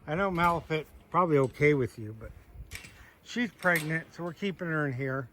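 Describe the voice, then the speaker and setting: A man's voice: on the high side, expressive, brisk, fairly bright tone, a little hiss or hum. Man coaxing goats on his farm. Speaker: homesteader showing his animals. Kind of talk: casual farm walkthrough vlog. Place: outdoors on a small farm by animal pens.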